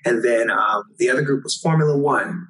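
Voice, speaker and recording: Animated male singer, distant mic. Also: medium pitch, a little fast. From Los Angeles. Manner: animated, acts out quotes, laughs often. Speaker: singer, guest. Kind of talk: storytelling interview.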